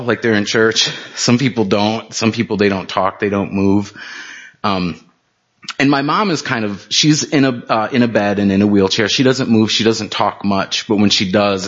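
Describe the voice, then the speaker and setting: Middle-aged pastor telling a casual story. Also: male voice, on the low side, a bit bright, lo-fi sound. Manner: casual, anecdotal, many fillers. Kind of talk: storytelling sermon.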